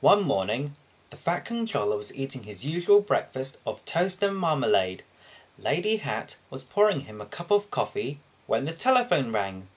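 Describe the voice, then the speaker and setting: A man reading a children's storybook aloud as a video host, steady with small slips and restarts. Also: mid-range voice, normal speed, breathy edge.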